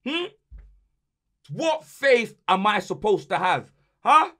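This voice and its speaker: A young man rants furiously about his football team, piling on slang. His voice sits high and swings wildly up and down, with a bright, sharp edge. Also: sing-song, slow. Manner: angry, ranting, heavy slang. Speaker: podcast host and football fan. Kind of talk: heated fan rant.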